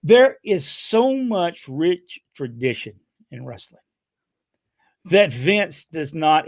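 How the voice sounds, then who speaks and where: With a creaky, mid-range voice and a totally dry sound, this podcast co-host drifts through casual chat in a folksy, meandering manner. Laughter comes easily and often.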